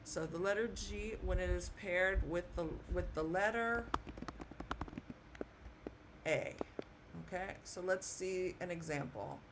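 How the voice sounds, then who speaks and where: In a slow, patient classroom manner, a woman with a lowish voice teaches Spanish pronunciation, repeating words and asking "okay?" to check in. The background is noisy.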